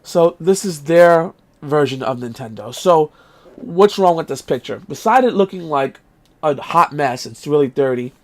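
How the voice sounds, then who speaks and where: A man hosting his retro gaming vlog, ranting in exasperation, swearing casually and coughing now and then. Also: on the high side. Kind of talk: casual vlog rant and show-and-tell.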